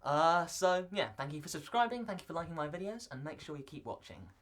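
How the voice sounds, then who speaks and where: A man's voice: a little high, expressive, fairly quick, fairly bright tone, a little hiss or hum. A young man playing a vlogger who answers viewer questions in a scripted, in-character video. He talks in a playful, joking way and rambles into asides.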